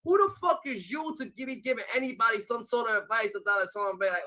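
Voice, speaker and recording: Guy ranting on stream, cursing and mocking nonstop, high sharp voice. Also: lively intonation, fast talker, hardly any pauses. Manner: profane, mocking, repeats filler "da, da, da". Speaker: streamer reacting to a clip. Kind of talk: heated reaction rant.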